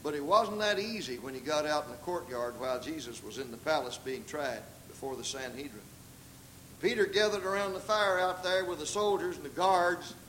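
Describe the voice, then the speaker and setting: A man's voice: a bit bright, slight background noise, low-quality recording. An older man with a Southern US accent preaching a sermon in a dramatic way, acting out the voices he quotes. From American South. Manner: dramatic, acts out quoted voices with big pitch leaps.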